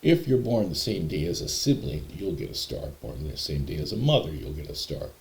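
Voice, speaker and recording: A man's voice: rumbling low, big pitch swings, fairly quick, gravelly, darkish tone. A man telling personal stories in a rambling, hesitant, conversational way. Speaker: storyteller. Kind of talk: personal storytelling.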